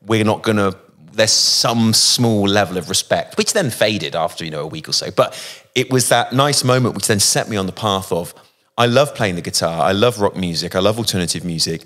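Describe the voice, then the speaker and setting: A man from England speaks as an interview guest, recalling stories in a thoughtful, unhurried way. His voice sits fairly low, and he pauses often to find his words. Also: animated, fairly bright tone. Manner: thoughtful, anecdotal, frequent pauses and fillers. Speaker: guest musician. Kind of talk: casual interview, reflective storytelling.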